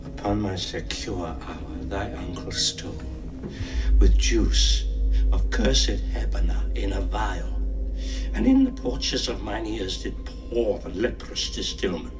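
A man playing a deep, slow, solemn king's ghost. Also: very animated, full character voice. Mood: urgent. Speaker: actor in a recorded play. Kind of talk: classical stage verse. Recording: distant voice over music.

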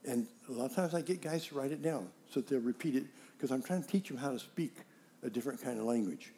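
A middle-aged man preaching a sermon, telling stories and acting out dialogue with animated emphasis. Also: medium pitch, fast talker, a little hiss or hum. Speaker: pastor.

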